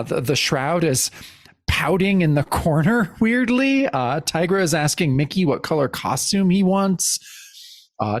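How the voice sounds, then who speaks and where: A man's voice: a little high, no echo, studio quality. A man co-hosting a podcast, chatting and joking while he walks through comic panels and reads captions aloud. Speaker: podcast co-host. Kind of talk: casual chat retelling a comic.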